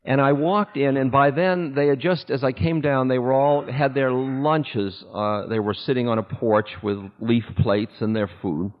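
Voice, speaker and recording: A man's voice: medium pitch, fairly even intonation. Male spiritual teacher, candid storytelling talk with laughter; tinny lo-fi recording, long hall echo. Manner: candid, unhurried, breaks into laughter.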